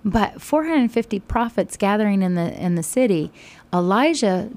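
A woman teaching a Bible study, retelling scripture in conversation with sudden animated bursts. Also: mid-range voice, moderate pace.

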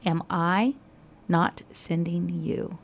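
A woman voicing a calm divine male figure who speaks softly and slowly. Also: lowish voice, gravelly, heavily acted. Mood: reassuring. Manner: soft, slow, hushed. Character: calm, gentle divine male voice giving commands.

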